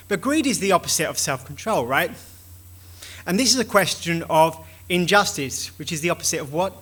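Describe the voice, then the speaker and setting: A man giving a lively conference talk, animated and acting out little dialogues as he goes. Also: high-pitched. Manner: animated, acts out dialogues with shifting voices. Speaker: conference speaker.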